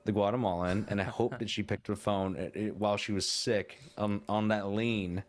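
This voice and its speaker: Male podcast host, lowish pitch, loose rambling storyteller who cusses casually. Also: steady tone, normal speed. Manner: rambling, swears freely, laughs often. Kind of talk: casual chat.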